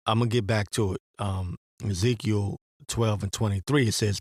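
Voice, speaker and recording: This religious commentator's monologue is a profane, rambling rant broken up by scripture he reads aloud. He speaks in a fairly low, husky voice with a steady tone, a moderate pace and few pauses, recorded at studio quality with no echo.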